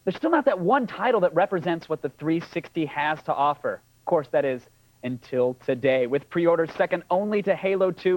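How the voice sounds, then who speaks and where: A man co-hosts a live television show, firing off quick, joking questions at a slightly high pitch. He talks very fast. The sound is dull and lo-fi, like an old archived broadcast. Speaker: co-host and interviewer. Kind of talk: live TV talk show chat.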